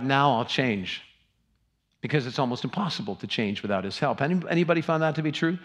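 A man, a middle-aged pastor, preaching a sermon with earnest, emphatic appeals to the congregation. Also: fairly high pitch.

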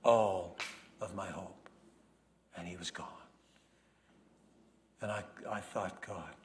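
An actor playing an earnest, grieving first-century lamb merchant in a dramatic first-person monologue, swinging from loud proclamation to hushed whispers. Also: male voice, sits low, fairly even intonation, slow, slight background noise. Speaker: actor in a Bible character monologue.

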